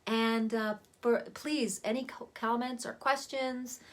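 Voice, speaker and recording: A woman vocal coach giving a relaxed, chatty lesson on voice warm-ups, talking to the camera from a seated spot at home. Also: on the high side, slow pace. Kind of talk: casual spoken voice lesson.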